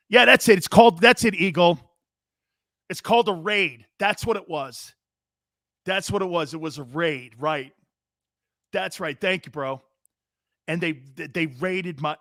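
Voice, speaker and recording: A middle-aged man hosting a sports talk show, telling stories in a rambling, animated, sometimes profane way. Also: fairly high pitch, gravelly, dry recording, clean studio sound. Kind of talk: casual sports talk banter.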